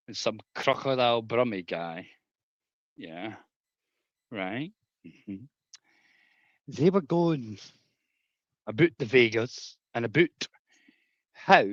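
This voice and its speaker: A man's voice: mid-range voice, sharp tone, no echo, dull audio. A man ranting on a livestream, rambling and conspiratorial, with crude language.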